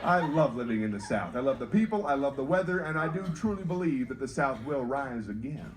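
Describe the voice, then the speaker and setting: Animated stand-up comedian from North Carolina. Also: male voice, medium pitch, fairly quick, background noise. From North Carolina, USA. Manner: animated, teasing audience banter. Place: cruise ship theater.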